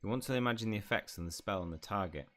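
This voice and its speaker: A man reads out a young wizard who is the older brother, teasing and sure of himself. The voice sits very low and steady. The lines come in a calm, plain read from a fantasy game. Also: rapid-fire, natural voice. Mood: coaching.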